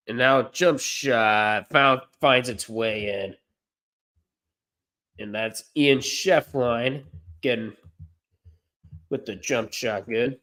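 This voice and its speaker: A man doing amateur play-by-play commentary on a livestream, unpolished and correcting himself, with deadpan asides. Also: medium pitch, very slow, long pauses.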